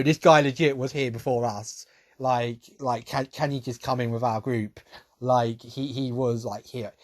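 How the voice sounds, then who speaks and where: A young man telling a rambling story to camera, laughing often and trailing off quietly. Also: mid-range voice, no room sound, studio quality. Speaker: vlogger.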